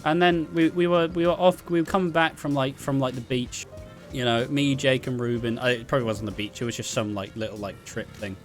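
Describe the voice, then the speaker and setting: A young Englishman tells a rambling, swear-heavy story in a casual vlog. His delivery is animated, with laughing asides and a mid-range voice. Faint music plays behind him. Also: mid-range voice, brisk. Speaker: vlogger.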